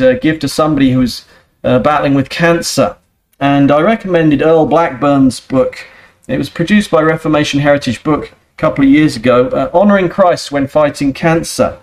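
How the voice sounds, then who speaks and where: Man, preaching, earnest, rhetorical questions, slightly raised pitch. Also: fairly quick. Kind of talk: sermon.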